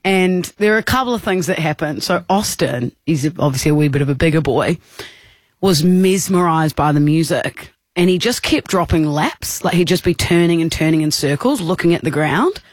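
A woman's voice: deep voice, moderate pace, no echo. Chatty woman radio host. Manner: chatty storyteller, giggly and animated. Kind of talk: casual radio banter. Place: radio studio.

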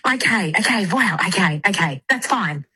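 A woman on a phone call with podcast colleagues, excitable and flustered, talking in quick bursts. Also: lowish voice, husky. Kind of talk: phone call in casual chat.

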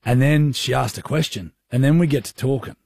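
Husky radio host, teasing. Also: male voice, mid-range voice, fairly quick, dry recording, studio quality. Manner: teasing, laughs often, relaxed mate talk. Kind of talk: casual banter on drive-time radio.

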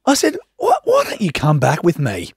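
A man's voice: fairly high pitch, huge pitch swings, moderate pace, slightly rough, no echo, studio quality. An Australian man in his thirties, a radio host telling a story on air and acting out everyone's lines.

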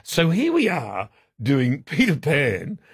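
A man's voice: a little high, huge pitch swings, slow pace, creaky, breathy edge, no room sound, studio quality. A man with an Australian accent hosting a comedic radio show, joking and laughing at himself. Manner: joking, self-mocking, laughs often. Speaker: radio breakfast host.

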